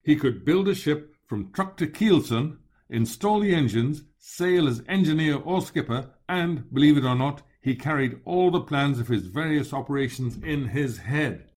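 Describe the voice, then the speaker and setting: A man's voice: fairly high pitch, animated, a little mellow. Man reading a first-person memoir. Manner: measured, descriptive storytelling. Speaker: narrator.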